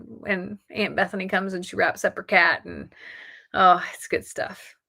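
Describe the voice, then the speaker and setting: Bright-voiced chatty woman streaming live. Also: on the low side, moderate pace, gravelly. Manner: chatty, excitable, talks to viewers. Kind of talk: casual live stream chat.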